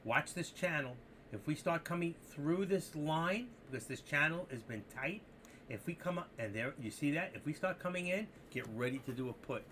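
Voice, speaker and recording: A man hosting a live trading stream, talking to viewers in an excitable, rambling, joking way. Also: a little high, moderate pace, a little hiss or hum. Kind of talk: casual live-stream commentary.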